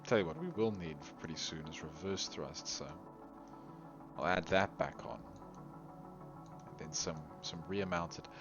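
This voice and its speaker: Low-voiced and measured, with long pauses, a man talks casually over his gameplay, humming tunes, getting fed up with the game and chuckling at himself. Faint music sits under the slightly dull, lo-fi recording.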